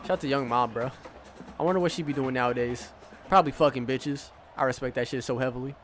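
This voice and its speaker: A man's voice: medium pitch, fast talker, soft background music. A man streaming a football video game, giving casual play-by-play commentary full of trash talk and swearing. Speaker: gaming streamer.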